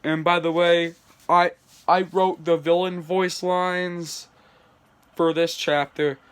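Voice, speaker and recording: A man's voice: a little high, little pitch movement, slow pace, fairly bright tone, clear, resonant tone. A man reading his homemade story aloud, with chatty asides and small stumbles. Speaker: channel creator.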